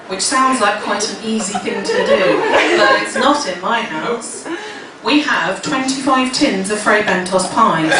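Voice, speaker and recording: A woman's voice: mid-range voice, measured pace, distant mic. A woman in her thirties doing a stand-up comedy set, rambling and self-mocking with plenty of swearing. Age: 30s. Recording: echoey room from afar, loud crowd. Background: laughing audience, noise.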